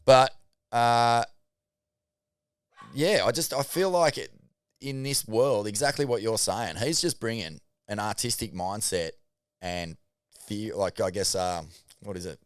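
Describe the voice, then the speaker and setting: A man co-hosting a podcast, talking in animated, sweary casual chat with halting restarts. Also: lowish voice, smooth, dry recording, clean studio sound. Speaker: podcast co-host.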